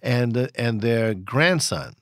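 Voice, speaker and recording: A man's voice: medium pitch, expressive, takes it slowly, no room sound, clean studio sound. A man who runs a record store, telling stories in a rambling casual chat with many restarts and chuckles. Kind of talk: casual storytelling in conversation.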